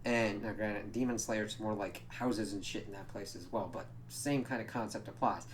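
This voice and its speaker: A man's voice: on the low side, fairly even intonation, normal speed, a little hiss or hum. A man giving a casual spoken recap of a show, rambling and swearing, with lots of fillers. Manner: rambling, profane, many fillers. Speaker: show reviewer.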